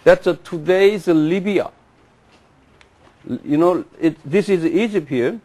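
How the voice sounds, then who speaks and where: A man lectures to a class in a fairly high voice. He moves slowly and deliberately, drilling pronunciations and asking listeners to repeat after him. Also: dark tone. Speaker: Bible teacher.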